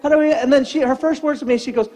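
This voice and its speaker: High-voiced animated older man preaching. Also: very fast. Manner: animated, acts out voices in a story. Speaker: pastor. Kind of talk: sermon with comic storytelling.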